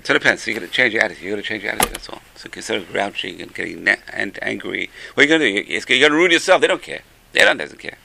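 A man leads a religious class and tells his stories with animated energy, acting out voices as he goes. His voice is gravelly with a sharp, bright edge. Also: on the low side, very fast, slight background noise. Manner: animated storytelling with acted-out voices. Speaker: teacher. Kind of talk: Torah class talk.

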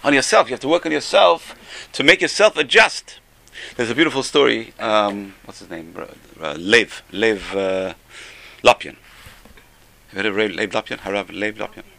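An older man giving an informal Musar class, conversational, repeating key phrases and getting louder for emphasis. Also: on the low side, lively intonation, normal speed, vocal fry. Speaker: Torah teacher.

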